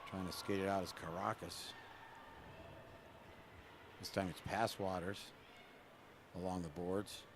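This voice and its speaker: A man doing relaxed, chatty live play-by-play of a college women's hockey game at a rink. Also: low voice, unhurried, pauses often, noisy background. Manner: relaxed, chatty, jokes with the camera person between plays. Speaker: play-by-play announcer.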